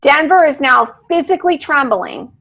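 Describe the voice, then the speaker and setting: Bright, high-voiced woman dog trainer. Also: moderate pace, vocal fry, low-quality recording. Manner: animated, talks through a video, asks the class questions. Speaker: dog trainer teaching an online class. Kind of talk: live online lesson talking over video. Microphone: video call.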